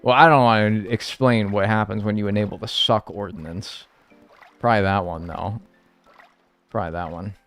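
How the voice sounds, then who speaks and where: A man's voice: on the low side, fairly even intonation, normal speed, a bit bright. A young man live-streaming, reading viewer messages and answering them in casual, joking banter with bursts of mock outrage.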